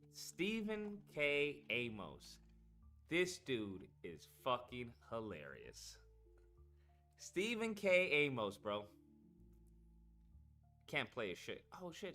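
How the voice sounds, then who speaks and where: Bright, animated streamer man. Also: medium pitch. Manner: rambling and profane, talking to chat. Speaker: streamer host. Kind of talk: casual live-stream chat.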